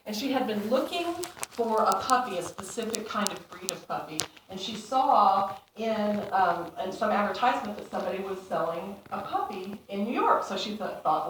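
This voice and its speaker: A woman's voice: mid-range voice, lively intonation, moderate pace, few pauses, fairly bright tone, distant mic, a little hiss or hum. A woman giving a playful inspirational talk to a congregation, telling stories with laughter and acting out voices. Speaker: speaker. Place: church hall. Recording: echoey hall, speaker away from the mic.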